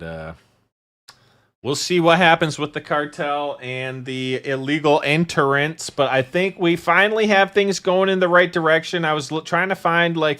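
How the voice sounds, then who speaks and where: A man's voice: on the high side, fairly bright tone. Rambling, sarcastic male podcast co-host. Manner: rambling, sarcastic, trails off often. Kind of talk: casual podcast chat.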